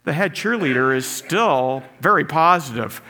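A middle-aged man preaching a sermon, telling stories with animated delivery and acted-out voices. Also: a little high, moderate pace. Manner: animated storytelling, acts out voices.

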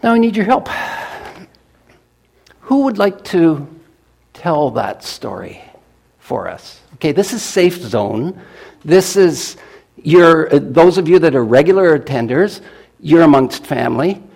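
A man preaching to his congregation, telling a story in a folksy, animated manner. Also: on the high side, a little slow, creaky, pauses often, slightly rough. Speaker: pastor. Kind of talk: storytelling sermon.

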